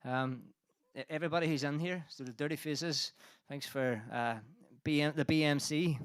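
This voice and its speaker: Between songs at a livestreamed gig at a music venue, a band frontman banters while out of breath, cursing and making self-mocking jokes. His voice is a little high, steady, clear, and resonant, at a moderate pace.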